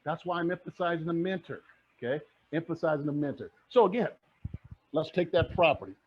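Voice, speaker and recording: High-voiced energetic man coaching on camera. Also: a little fast, husky. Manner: energetic, rallying, asks the audience questions. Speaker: real estate coach. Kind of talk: to-camera teaching with a lightboard. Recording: dull lo-fi recording.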